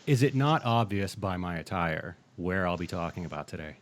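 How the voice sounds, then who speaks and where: Lively, wisecracking man co-host. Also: low voice, moderate pace. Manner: joking, wisecracking. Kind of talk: casual live-stream chat.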